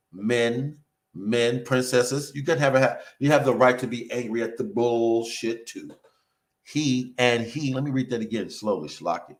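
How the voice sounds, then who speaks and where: A man preaching a sermon, reading scripture verse by verse and breaking in with emphatic remarks of his own. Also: medium pitch. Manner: emphatic, interjects remarks between quoted verses.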